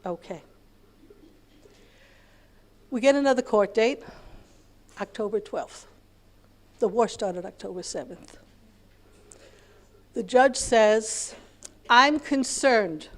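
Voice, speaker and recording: A woman's voice: medium pitch, slow pace, pauses often, a little mellow. A middle-aged American woman teaching a Torah class, telling a long family story with lots of repetition and Hebrew terms. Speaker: lecturer.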